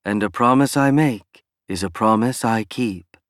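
Calm alien pilot, low steady voice, read by a man narrating. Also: no room sound, studio quality, close to an everyday voice. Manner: measured, reassuring.

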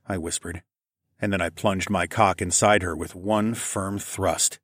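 Man, low voice, husky, soft hushed first-person audiobook narration. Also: unhurried, no room sound, clean studio sound.

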